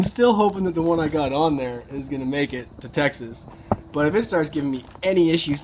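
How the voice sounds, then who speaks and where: A woman on a motorcycle trip, chatting in a casual video diary, excitable and incredulous, swearing freely. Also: deep voice, brisk, slight background noise, poor audio. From Canada. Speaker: motorcycle travel vlogger.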